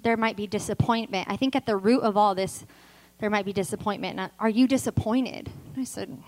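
A woman preaching a sermon with passion, swinging from loud emphatic declarations to soft, intimate storytelling with touches of self-deprecating humor. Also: medium pitch, steady tone, normal speed, poor audio.

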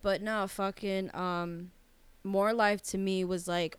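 A woman co-hosts a podcast in candid, casual chat and curses without holding back. Her voice is smooth and clear, and it sits a little low. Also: fairly even intonation, measured pace. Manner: candid, swears freely. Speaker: podcast co-host.

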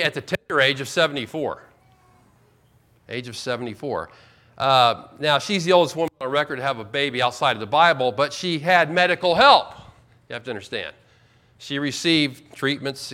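A man preaching a sermon as pastor, emphatic, slowing right down to stress key words. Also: mid-range voice, bright, forceful tone. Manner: emphatic, with slow drawn-out stresses.

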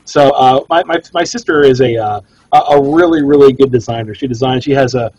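A man co-hosting a casual cigar podcast, a jokey storyteller whose pitch leaps up when he quotes himself. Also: a little fast, a little mellow, breathy edge, no echo, rough recording. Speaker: cigar shop owner and podcast co-host.

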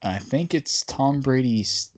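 A man's voice: mid-range voice, animated, slow, a little mellow. A man hosting a casual sports podcast, talking in a rambling, bantering way. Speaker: podcast host.

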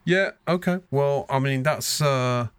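Male podcast host, casual and sweary, mid-pitched, dry close mic. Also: slow pace, smooth, dry recording. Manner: sweary, self-mocking. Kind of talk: casual chat.

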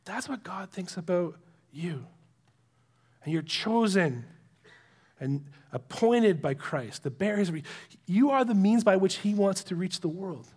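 High-voiced earnest pastor preaching. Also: male voice, lively intonation, measured pace, slightly rough. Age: adult with young children. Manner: conversational and earnest, drops to a hush for emphasis. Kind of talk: sermon.

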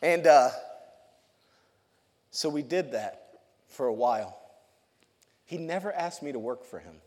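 Youth pastor, man, slightly high voice, chatty storytelling sermon with frequent laughs, recorded in a big echoing church. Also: a little slow. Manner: lively storytelling, laughs often, repeats words. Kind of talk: testimony sermon to a congregation. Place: church sanctuary. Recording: long hall reverb.

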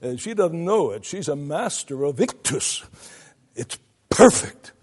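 An older man teaching students of preaching in a deliberate, emphatic lecture, stopping to demonstrate vocal effects himself. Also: a little high, animated, darkish tone, slightly rough. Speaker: preaching instructor.

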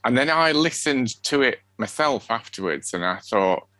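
Giggly Sheffield podcast co-host, lively swinging pitch, bright tone. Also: male voice, moderate pace, no echo. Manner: giggly, chatty, rambling. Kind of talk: casual chat.

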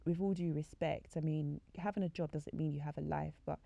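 A woman's voice: low-pitched, fairly even intonation, fairly quick, gravelly, dark tone, no echo. A young woman giving a casual faith-based talk, chatty with many "like" fillers, acting out conversations she recounts. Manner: chatty, frequent "like" fillers, acts out quoted conversations. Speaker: faith podcast speaker.

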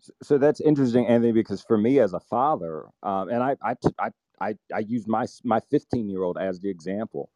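A father talking on a podcast, earnest and a little halting, restarting his sentences as he explains his view. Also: on the low side, mellow, no room sound. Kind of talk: opinionated discussion.

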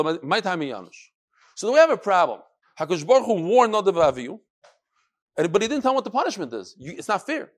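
Animated man teaching a Talmud class. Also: high voice. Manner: animated, sing-song study cadence mixing Hebrew and Yiddish terms.

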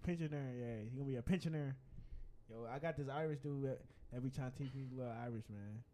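A man's voice: mid-range voice, fast talker, dark tone. A man in casual chat with friends, playful and slangy, often repeating himself.

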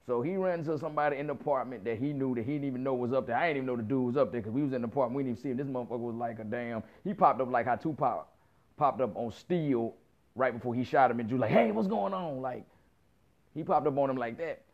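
A man's voice: mid-range voice, racing. A man in his thirties telling a story in a casual rant, heavy on slang, profanity and acted-out quotes. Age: 30s. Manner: profane, animated, lots of quoted dialogue and slang. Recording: muffled lo-fi recording.

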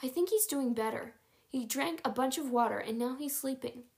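A woman voicing a gentle, caring young girl in a read-aloud chapter book. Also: high voice, moderate pace, gravelly, pitched above the performer's own voice. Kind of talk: audiobook character reading.

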